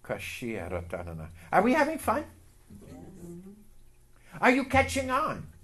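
A man preaching a sermon and telling a personal story, emotional and building to loud outbursts. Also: sits high, huge pitch swings, measured pace. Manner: emotional, building to shouts, leads call-and-response. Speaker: pastor. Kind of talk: sermon with testimony.

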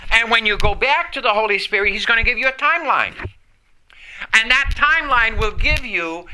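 A man's voice: very high-pitched, pushed and bright. An older man preaching a sermon, telling a personal story earnestly and chuckling at himself now and then. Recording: noisy recording.

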